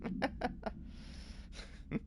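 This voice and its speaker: A man's voice: very slow, background noise. Exasperated, stammering young gamer man. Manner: exasperated, stammering, self-mocking. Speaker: gaming channel host. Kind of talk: casual profane gameplay commentary.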